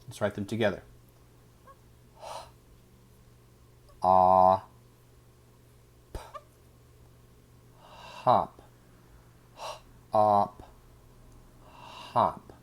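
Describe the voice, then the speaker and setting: A man teaching a phonics lesson, sounding out each word slowly and deliberately. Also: lowish voice, darkish tone. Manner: slow, deliberate sounding out of words.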